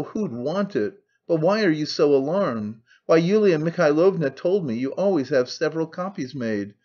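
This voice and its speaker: A man reading an audiobook, voicing a brash young man who speaks calmly and carelessly. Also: on the high side. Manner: calm, careless, offhand. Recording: dull lo-fi recording.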